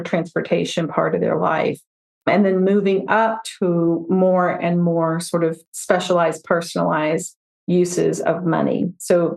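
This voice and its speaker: A woman, a financial therapist, talking through her approach in a relaxed podcast conversation, often giving examples and voicing her clients. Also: fairly low pitch, gravelly, reverberant. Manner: reflective, explains with examples and quoted client voices.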